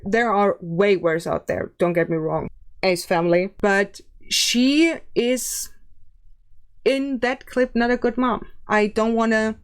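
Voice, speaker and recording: A woman's voice: mid-range voice, fairly even intonation, smooth. Plain-spoken woman YouTube commentator. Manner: measured, plain-spoken critique. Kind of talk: casual commentary.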